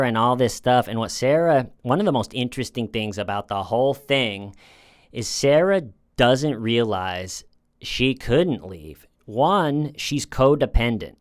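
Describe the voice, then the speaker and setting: A man's voice: lowish voice, lively intonation, a little slow, clear, resonant tone, dry recording, studio quality. A man hosting a casual commentary, talking in a sarcastic, mocking way. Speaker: commentary host.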